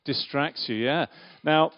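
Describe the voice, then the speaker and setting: A preacher with a somewhat high voice gives a children's talk at church, speaking slowly over soft background music. He playfully quizzes the audience and directs a volunteer, and the recording has a dull, lo-fi quality.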